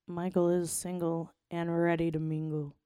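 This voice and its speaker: A young woman co-hosting a podcast, telling a raunchy story in blunt, profane, animated casual talk. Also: lowish voice, normal speed, smooth, no echo, clean studio sound. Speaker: podcast co-host.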